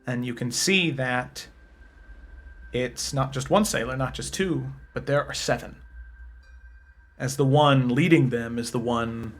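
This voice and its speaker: A man narrating a tabletop game as game master, briskly calling rolls and damage. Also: medium pitch, faint music behind. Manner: brisk narration, rolling dice aloud.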